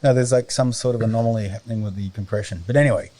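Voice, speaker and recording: A middle-aged Australian man chatting as a podcast guest, rambling and often pausing to search for words. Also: on the low side, dark tone. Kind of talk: casual conversation.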